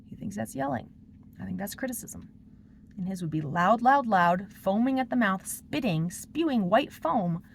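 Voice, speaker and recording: A woman's voice: mid-range voice, lively intonation, normal speed, creaky, slight background noise. A woman talking through her personal struggles in a confessional vlog, rambling and emotional as she vents. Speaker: vlogger.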